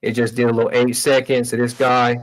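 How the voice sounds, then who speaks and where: Talking briskly in a flat, medium-pitched voice, a man hosts a livestream and chats through tech demos. He's loose and slangy, addressing viewers as y'all, and the audio quality is low.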